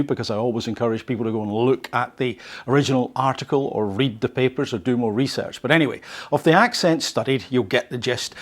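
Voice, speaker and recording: A male podcast host who reads an article and comments on it, conversational and fond of rhetorical questions. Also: mid-range voice. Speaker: host of a language learning podcast.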